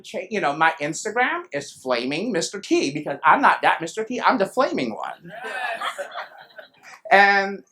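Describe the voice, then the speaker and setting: A man from the United States who teaches speaks in a casual interview, unhurried and reflective, with self-deprecating humor. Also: high-pitched, pushed and bright. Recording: faint background noise.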